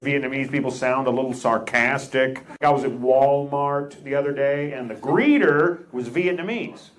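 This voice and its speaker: A man doing a stand-up comedy set with deadpan delivery and crowd work in a large theater. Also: medium pitch, moderate pace. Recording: echoey hall with loud noise and crowd.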